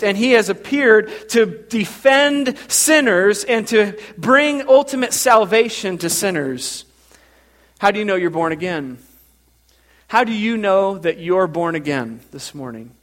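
A high-voiced male pastor preaches a sermon in church, telling stories animatedly and repeating words as he builds momentum.

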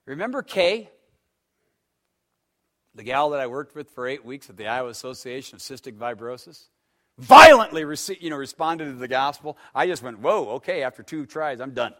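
A man preaching a sermon, telling stories and swinging between loud emphatic stretches and hushed ones. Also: mid-range voice, very animated, normal speed. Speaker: pastor.

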